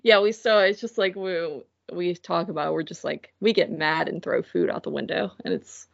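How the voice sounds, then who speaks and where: A woman's voice: fairly low pitch, normal speed, vocal fry, dull audio. A woman co-hosting a podcast, telling a long story in casual chat and filling it with "like". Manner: rambling storyteller, heavy filler "like", mimics voices. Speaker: podcast co-host.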